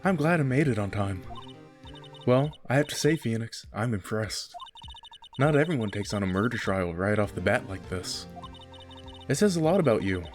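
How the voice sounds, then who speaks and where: A man voicing a calm woman lawyer mentor in a video game play-through, in a measured, lowered delivery. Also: faint music behind, close to an everyday voice. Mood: composed.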